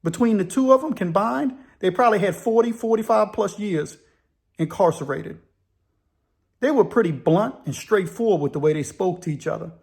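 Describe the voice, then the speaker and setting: A man's voice: high voice, moderate pace, creaky, darkish tone. A man telling a first-person prison story in a plain, conversational way.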